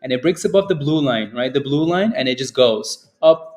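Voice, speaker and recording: A man's voice: medium pitch, animated, moderate pace, a little mellow, muffled recording. A man hosting a live stock trading stream in casual commentary, rambling, repeating words and tagging lines with "right?". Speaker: stock trading livestream host.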